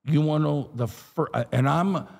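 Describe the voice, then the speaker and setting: A middle-aged man, a pastor, telling his testimony in an animated, street-talking way. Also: on the high side, moderate pace, creaky. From Los Angeles area. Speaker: pastor and guest. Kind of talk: storytelling testimony.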